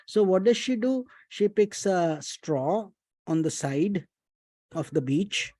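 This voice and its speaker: A man, a spiritual teacher giving an unhurried devotional storytelling talk, chanting mantras and mixing in Hindi phrases. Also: high voice, expressive, dark tone, dry recording.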